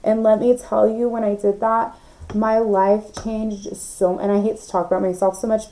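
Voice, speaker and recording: A young woman with a mid-range, dark voice gives a casual, emphatic tarot reading over a rough recording. Chatty and direct with her viewers, she uses many fillers and the occasional swear word.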